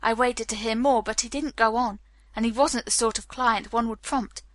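A woman voicing a measured middle-aged male lawyer who recounts an incident in an even tone. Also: fairly high pitch, dry recording, natural voice. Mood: earnest.

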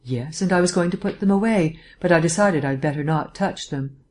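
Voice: mid-range voice, a little fast, darkish tone, natural voice. An audiobook reader voicing an anxious, deferential middle-aged female housekeeper who answers plainly. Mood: nervous. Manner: nervous, deferential, plain-spoken. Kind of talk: audiobook reading.

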